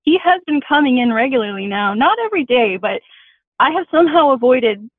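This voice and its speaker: A woman's voice: sits high, lively intonation, fairly quick, dry recording. A woman calling into a podcast, telling her story in a chatty, self-deprecating way. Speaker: caller. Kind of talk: casual phone call-in. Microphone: phone line. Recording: tinny dry phone line.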